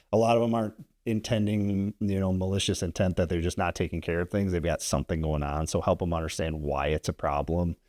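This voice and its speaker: Deep-voiced landlord telling a story. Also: male voice, darkish tone, no room sound, clean studio sound. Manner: rambling, tags sentences with "right?". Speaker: landlord and investor guest. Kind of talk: casual podcast storytelling.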